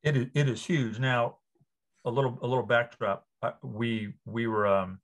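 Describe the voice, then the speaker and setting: A man in his fifties from Louisiana, a sportswriter guest on an interview, telling stories with lively enthusiasm. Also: medium pitch, moderate pace. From New Orleans area, Louisiana. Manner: enthusiastic, animated storyteller. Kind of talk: casual interview.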